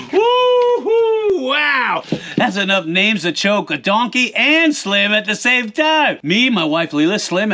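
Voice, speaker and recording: High, bright-voiced jokey cowboy host. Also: male voice. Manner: jokey, folksy cowboy talk, playful mispronunciations. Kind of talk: reading supporter names, casual banter.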